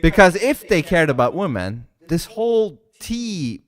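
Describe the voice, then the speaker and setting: A man on a podcast panel, talking in halting, agreeing remarks with restarts. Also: high voice, sing-song. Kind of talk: casual chat.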